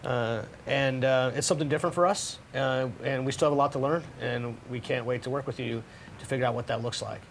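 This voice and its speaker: A man's voice: mid-range voice, steady tone, fairly quick, gravelly, a little hiss or hum. A man on a game studio livestream panel, talking casually and cracking jokes. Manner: joking, casual. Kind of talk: panel talk.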